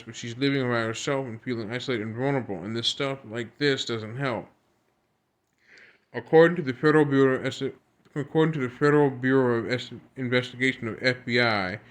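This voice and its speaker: A man's voice: medium pitch, a bit bright. A man reading news articles aloud with his own comments, earnest and repetitive, often stumbling over words and starting again. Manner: halting reading with stumbles and restarts. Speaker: video creator.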